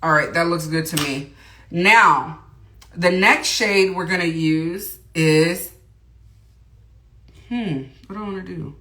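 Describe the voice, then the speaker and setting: A woman's voice: on the low side, slow pace, bright, forceful tone. A woman hosting a casual makeup tutorial livestream, chatting with viewers, greeting them by name and reading their comments aloud. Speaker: beauty livestream host. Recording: roomy echo.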